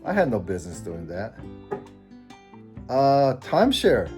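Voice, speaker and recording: Mexican-born man, 50s, mellow voice, soft guitar underneath, rambling vlog chatter with self-deprecating chuckles. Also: medium pitch, wildly swooping pitch, slow, long pauses. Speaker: vlogger. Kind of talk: casual personal vlog.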